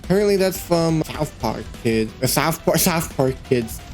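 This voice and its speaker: Over music, a man with a fairly high voice talks through his 3D work at a moderate pace. An animator and creator, he's playful and quick to get excited, rambling as he thinks aloud with lots of fillers.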